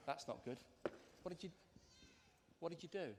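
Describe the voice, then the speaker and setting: A man's voice: on the high side, normal speed, very noisy. Teasing male presenter in an arena. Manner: teasing, mock-outraged. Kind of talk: live stage banter. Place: large arena stage. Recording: long arena reverb.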